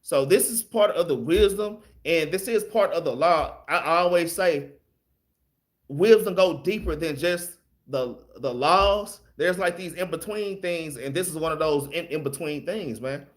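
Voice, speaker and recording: A man's voice: on the high side, unhurried. Plain-spoken man teaching scripture. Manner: loose and plain-spoken, ends phrases with "man", some mild swearing. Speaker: Bible study teacher.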